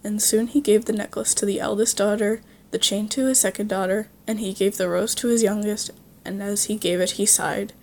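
A woman's voice: medium pitch, steady tone, fairly quick, darkish tone, slight background noise. A woman reading a fairy tale aloud as a storyteller, engaging her listener with questions along the way.

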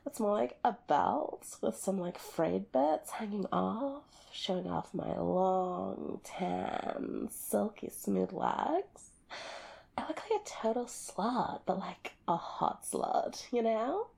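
A woman's voice: mid-range voice, warm tone, heavily acted. Woman playing Lexi, a ditzy Valley Girl. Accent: Valley Girl (Southern California). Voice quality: vocal fry and upspeak. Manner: airy, drawn-out, heavy use of "like". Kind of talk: audio role-play addressed to the listener.

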